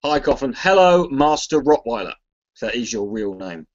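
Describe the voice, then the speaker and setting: A man's voice: mid-range voice, very animated, moderate pace, muffled recording. A man who is a comedian chats loosely on a charity livestream, swearing freely, mocking himself and reading chat messages aloud. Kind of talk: casual rambling livestream chat.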